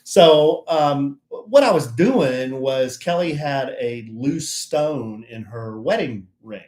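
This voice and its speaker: Man, co-host, casual live-stream chat, animated storyteller, lively swooping voice, echoey room. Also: mid-range voice, takes it slowly. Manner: animated storyteller, acts out other people's lines.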